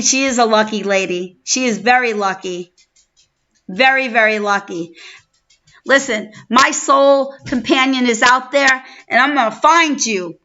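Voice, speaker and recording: A middle-aged New York woman with a matching accent hosts a live stream, gushing at viewers by name in casual chat. Her voice runs on the high side, pushed and bright. The stream audio is dull and lo-fi.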